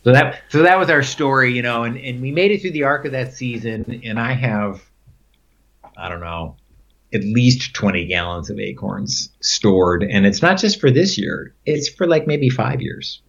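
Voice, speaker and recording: A man's voice: mid-range voice, lively intonation, moderate pace, gravelly, fairly bright tone. A man telling rambling stories in a casual conversation, with many fillers and frequent laughs. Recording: dull lo-fi recording.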